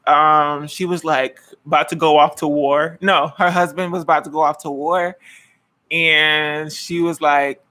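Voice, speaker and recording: A man's voice: a little high, pushed and bright. A man in his twenties hosting a casual live-stream cooking chat from his home kitchen, sassy, dramatic and playfully teasing. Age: 20s. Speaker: host.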